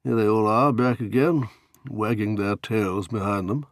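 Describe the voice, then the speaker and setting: A man reading an audiobook, voicing a weary elderly English lord who speaks in a slow, sighing murmur. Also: on the low side, no room sound, studio quality.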